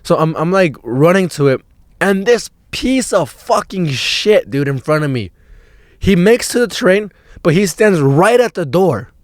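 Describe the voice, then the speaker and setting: A young man telling a story on his podcast, swearing freely and piling on filler words as he rambles on with excitement. His voice sits a little higher than most men's. The sound is close and dry, with no room in it. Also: unhurried, dry recording. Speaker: podcast host.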